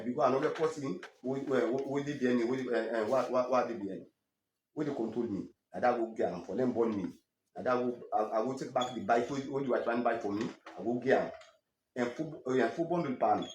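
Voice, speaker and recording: An interviewee with a Sierra Leonean Krio accent and a mid-range voice gives an emotional personal testimony, halting and stammering through restarts. He grows animated when quoting others; the recording is reverberant with slight background noise.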